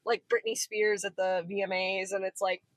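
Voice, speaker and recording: A woman's voice: medium pitch, normal speed, a crowd in the background, rough recording. A woman in her twenties chatting casually in a car, telling a story with lots of acted-out dialogue. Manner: animated, acts out quoted dialogue. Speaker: podcast co-host.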